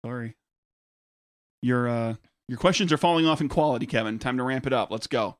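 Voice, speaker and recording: A man's voice: mid-range voice, fairly quick. A man co-hosting a podcast in casual, joking chat, laughing often. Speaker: podcast co-host.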